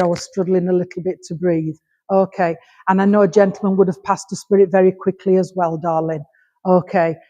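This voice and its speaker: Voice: medium pitch, mellow. A medium from Rotherham with a Yorkshire accent, giving messages to an audience, calling people darling and sweetheart and checking in with "all right?" after almost every thought. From Rotherham, England. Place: village hall. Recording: long reverb of a hall.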